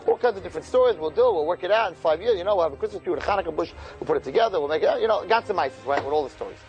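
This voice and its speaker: A man telling a story in an animated way, acting out the characters with big jumps in pitch and loudness. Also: rapid-fire, highs cut off, soft background music. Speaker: speaker at a fundraising broadcast.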